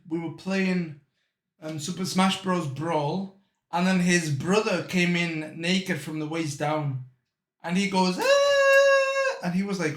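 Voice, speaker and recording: A young man with a high, bright voice tells loose, unhurried stories in a relaxed chat. He laughs a lot and keeps throwing in bro. The room around him sounds echoey. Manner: rambling storytelling, laughs often, says bro. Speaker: reaction streamer. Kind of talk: casual chat.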